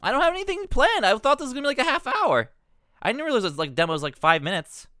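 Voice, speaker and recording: Man, live streamer, profane exasperated rants, rambling, lively swooping pitch, bright sharp tone. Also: rapid-fire, no room sound. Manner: rambling, self-interrupting.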